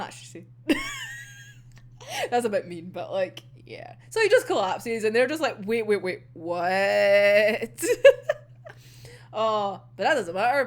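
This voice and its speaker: Young scottish woman, casual anime chat, lively swooping voice, fairly high, quick laughs, swears a lot. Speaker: anime reviewer. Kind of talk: casual episode discussion.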